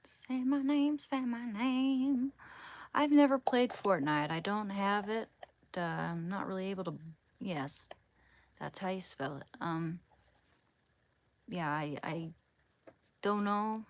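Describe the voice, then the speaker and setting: A woman livestreaming casually, talking fondly to her dog in a soft, coaxing voice. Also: lowish voice, animated, slow pace, long pauses, low-quality recording. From Oregon.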